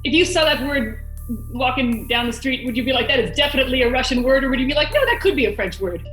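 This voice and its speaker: A woman jokes and argues her way through a spelling word on a video call. Her voice is high and the room sounds echoey, with faint music underneath. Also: animated, a bit bright. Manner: joking, argues her case quickly. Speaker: columnist contestant.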